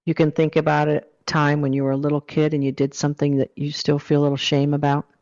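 A man's voice: a little high, monotone, fast, darkish tone. A man giving a motivational self-help talk, coaching the listener earnestly through a guided exercise. The recording sounds dull and lo-fi.

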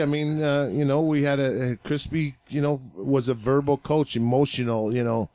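Ex hockey guy telling old locker room stories, swears constantly, laughs a lot, mid-pitched voice, pretty animated. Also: moderate pace, a crowd in the background. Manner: profane, animated storyteller, laughs often. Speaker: podcast guest, former hockey player. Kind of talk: casual storytelling chat.

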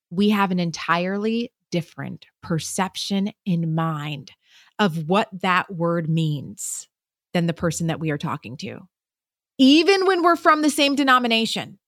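A woman's voice: on the high side, a bit bright, no echo. Earnest teaching woman, dry close sound. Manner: earnest, rhetorical questions, teacherly emphasis. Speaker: podcast host. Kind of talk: teaching monologue.

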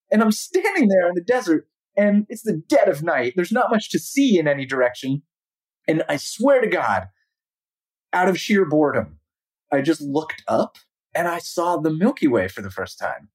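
A woman's voice: on the low side, slightly rough. A woman, a podcast guest, vividly telling a travel story.

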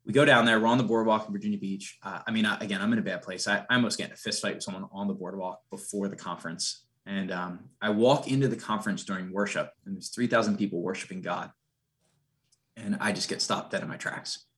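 A man's voice: fairly low pitch, steady tone, fast talker, a bit bright. A man, a podcast guest, telling a personal story in an earnest, reflective way with many restarts. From United States.

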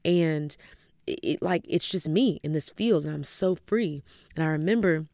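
A woman in her thirties, a podcast host telling a personal story in a chatty, animated way, often calling her listeners y'all. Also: deep voice, moderate pace, dry recording, studio quality. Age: 30s. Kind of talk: casual storytelling.

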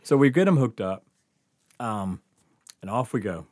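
A man tells a rambling road-trip style story in a relaxed podcast chat, laughing often and swearing freely. His voice swings widely up and down in pitch. The sound is dry and close, with no room echo. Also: unhurried. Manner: animated, laughs often, lots of fillers and swearing. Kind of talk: casual storytelling.

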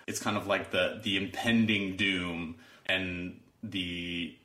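Man, low voice, bright, rambling casual talk, echoey room. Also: flat delivery, slow. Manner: rambling, heavy use of "like". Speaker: guest, father and lawyer. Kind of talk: casual conversation.

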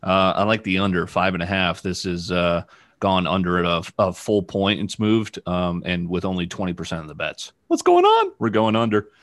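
A man co-hosting a sports betting podcast, rattling off picks in a rapid-fire, upbeat way. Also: low voice, little pitch movement, a bit bright. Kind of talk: casual podcast chat.

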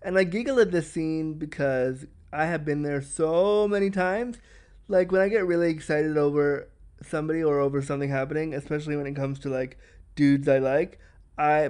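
A man hosting a podcast, giving candid, chatty commentary on a film in a frank, fast-talking way. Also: fairly high pitch, a little mellow. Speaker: podcast host.

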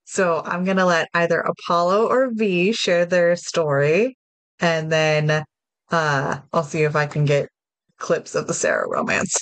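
Slow, frank woman podcast host. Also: on the low side, lively intonation, no echo. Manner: frank, unhurried storytelling. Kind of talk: casual podcast chat.

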